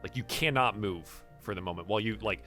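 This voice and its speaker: A man's voice: lowish voice, a little fast, bright, forceful tone, soft background music. A man narrating a tabletop game as dungeon master, casual and full of fillers.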